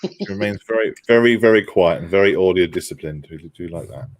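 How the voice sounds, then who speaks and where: Chatty male stream host with a deep voice, easy laughter. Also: fairly quick. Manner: chatty, reads out viewer comments, laughs often. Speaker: livestream host. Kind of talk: casual chat while model making.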